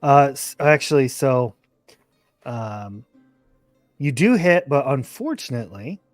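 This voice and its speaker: Male game master, slow narration, dry close sound, descriptive. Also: mid-range voice, animated, no room sound, soft background music.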